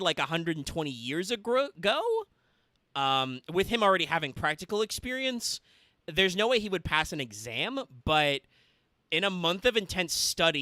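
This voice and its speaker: Male streamer, casual commentary, swears freely, bright tone, somewhat high voice. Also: clean tone, dry recording, studio quality. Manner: chatty, explains at length, swears casually. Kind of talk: casual let's-play commentary.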